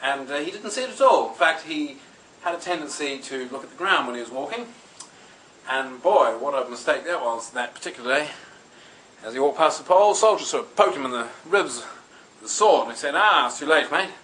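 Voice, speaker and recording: Bright-voiced comic storyteller. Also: male voice, fairly high pitch, lively intonation, fairly quick, poor audio. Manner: rambling, chatty, playful. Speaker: host.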